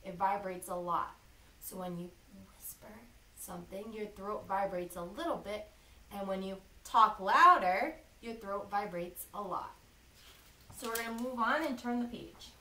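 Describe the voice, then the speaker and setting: A woman teacher reading a lesson to young children, slow and clearly enunciated, encouraging them to repeat after her. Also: medium pitch, sharp tone, distant mic, slight background noise. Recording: echoey room, a bit off-mic.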